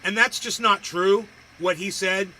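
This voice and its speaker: A man's voice: high voice, measured pace, pushed and bright, a little hiss or hum, poor audio. A man hosting a livestream, reacting to videos with profane, crude ranting and insults. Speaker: livestream host.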